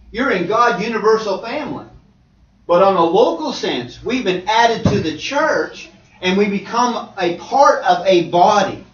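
Animated preacher in an echoey hall. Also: male voice, high-pitched. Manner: animated, swings from loud to near-whisper, conversational asides. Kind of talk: sermon. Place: church hall. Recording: dull, roomy, distant church hall.

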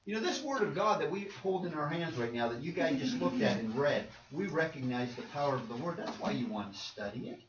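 Guy preaching a sermon, kinda high voice, roomy hall, sounds far from the mic. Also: lively intonation, fairly quick, few pauses. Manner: emphatic, repeats words, acts out quotes. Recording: roomy, distant, dull with faint noise.

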